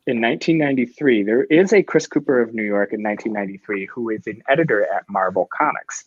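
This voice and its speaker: A man's voice: medium pitch, animated, brisk, few pauses, no echo. A man hosting a comics chat, eager and rambling as he circles back over his own phrases. His voice sits mid-range and comes through dry with no room sound, on a dull, lo-fi recording. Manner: enthusiastic, rambling with restarts. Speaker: comics show host. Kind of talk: casual chat.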